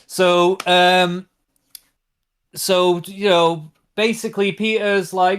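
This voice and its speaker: Rambling man, slightly higher voice. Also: takes it slowly, clean tone. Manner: rambling, animated plot retelling with many fillers. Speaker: podcast co-host. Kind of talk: casual chat.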